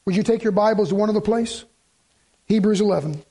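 A male pastor with a high-pitched, mellow voice talks a little fast as he preaches and reads scripture aloud. He builds to emphatic lines, repeating them with rising emphasis.

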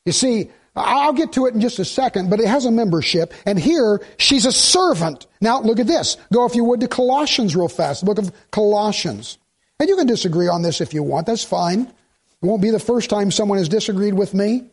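A man's voice: high voice, expressive, a little fast, breathy edge. A male pastor preaching a sermon in a conversational way, asking the congregation questions and slipping in jokes.

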